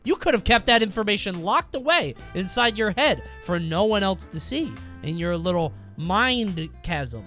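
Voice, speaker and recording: High-voiced young man reacting animatedly. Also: normal speed, few pauses, faint music behind. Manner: animated, exclaiming and swearing freely. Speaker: streamer reacting to viewer stories. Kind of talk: casual reaction commentary.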